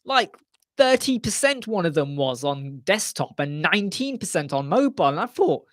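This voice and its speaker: A man hosting a casual live web chat about web design, talking in an animated way and repeating his points for emphasis. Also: high-pitched, normal speed, dry recording, clean studio sound. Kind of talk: casual live-stream chat answering viewers. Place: small home studio room with soundproof panels.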